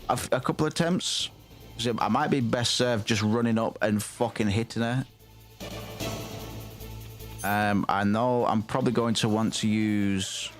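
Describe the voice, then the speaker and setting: A man streaming a video game, talking casually and profanely, cracking jokes and breaking into improvised rhymes. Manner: profane, joking, breaks into improvised rhymes and sudden high yelps. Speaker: gaming streamer. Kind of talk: casual let's-play commentary.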